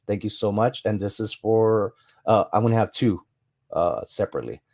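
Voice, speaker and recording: Guy with a lowish voice doing a chill livestream, rambles through stories and reads chat. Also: moderate pace, a little mellow. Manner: rambling anecdotes, acts out quoted exchanges; reads and answers viewer chat. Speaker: livestream host.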